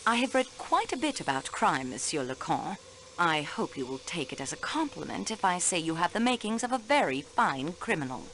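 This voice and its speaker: An actress playing a sharp young female railway clerk questioning suspects in a video game, precise and polite. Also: on the low side, sing-song, normal speed, a little hiss or hum. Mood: pressing.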